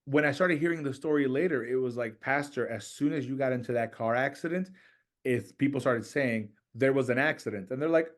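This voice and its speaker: A middle-aged man, a church planter and podcast guest, telling stories in conversation and acting out quoted voices with a rising pitch. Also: fairly quick. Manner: animated, acts out quoted voices with raised pitch. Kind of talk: storytelling in conversation.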